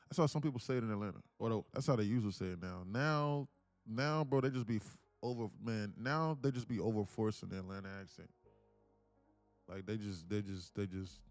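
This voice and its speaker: A man hosting a day trading livestream, talking in loose, joking, slang-heavy banter with quick restarts. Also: on the low side, darkish tone. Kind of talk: casual livestream chat.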